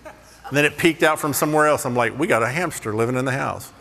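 Bright-voiced preacher joking in a hall. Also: male voice, mid-range voice, fast talker, gravelly. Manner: animated, jokey, self-deprecating. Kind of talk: humorous sermon storytelling.

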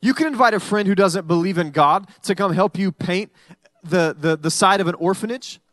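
A male pastor delivers a casual, conversational sermon in a noticeably high voice. He slips into the imagined voices of his listeners to make his points. The sound is dry and close. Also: moderate pace, fairly bright tone, dry recording. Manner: conversational preaching, acting out congregants' voices.

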